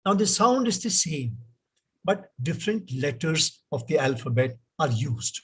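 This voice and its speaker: A man's voice: fairly high pitch, sing-song, a little slow, fairly bright tone, slightly rough, low-quality recording. A man teaching pronunciation in a lecture, drilling example words by repeating them. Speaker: English teacher.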